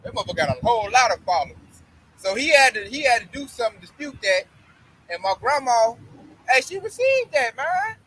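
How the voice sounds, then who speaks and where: High bright-voiced man giving street testimony. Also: brisk, a little hiss or hum, poor audio. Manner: blunt, profane, animated storytelling.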